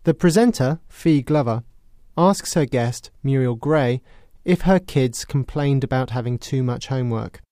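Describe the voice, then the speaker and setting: A British man presenting a scripted English lesson, explaining clearly in a measured way. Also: medium pitch, animated, dark tone, no echo, studio quality. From Britain. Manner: clear, measured, explanatory, with acted sarcastic example lines. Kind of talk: scripted educational narration.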